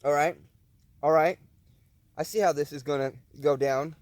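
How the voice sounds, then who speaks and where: A man's voice: a little high, fairly even intonation, normal speed, a little mellow, no echo. A man vlogging at a winter backcountry camp, chatting casually and relishing his camp food as he eats. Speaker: outdoor vlogger. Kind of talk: casual vlog chat while cooking and eating.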